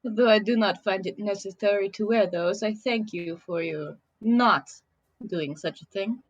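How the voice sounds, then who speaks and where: A woman's voice: mid-range voice, normal speed, no echo, close to an everyday voice. A woman playing an eerie, composed fish-creature woman hiding in human skin, speaking in stiff, formal, overly polite phrases with a Russian accent. The recording is dull and dry, like a lo-fi mic in a dead room. It suits a tabletop role-play.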